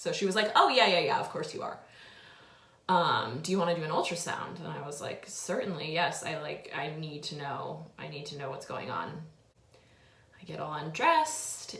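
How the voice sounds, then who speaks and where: A woman's voice: deep voice, a bit bright. A young woman in her twenties telling a personal story, tearful and overwhelmed, full of filler words. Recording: echoey room.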